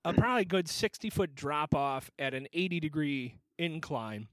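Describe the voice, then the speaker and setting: A man hosting a casual podcast chat, a loud storyteller who laughs a lot and swears freely. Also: a little high, lively intonation, normal speed, dry recording, rough recording. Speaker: podcast host.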